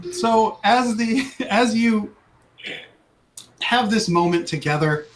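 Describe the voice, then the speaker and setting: A man's voice: high-pitched, expressive, slow pace. A man running a tabletop game as dungeon master, narrating in a playful, rambling way and laughing at his own story.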